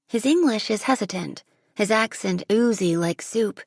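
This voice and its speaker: A woman reads a first-person audiobook with vivid, dramatic storytelling. Her voice is husky with a gravelly edge. It is recorded dry and close on a studio mic. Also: medium pitch, moderate pace, no room sound. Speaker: audiobook narrator.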